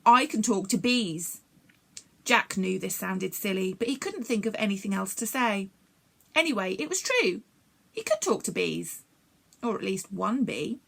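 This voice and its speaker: An Englishwoman at a library reading a children's story aloud in a clear, expressive way. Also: mid-range voice, moderate pace.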